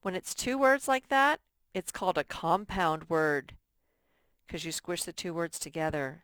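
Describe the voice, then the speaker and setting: A woman teaching a sight-word lesson to young children, repeating each word slowly and stressing it in model sentences. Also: on the low side, animated, a bit bright, no room sound. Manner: drawn-out, emphatic word modeling and repetition. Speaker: first grade teacher.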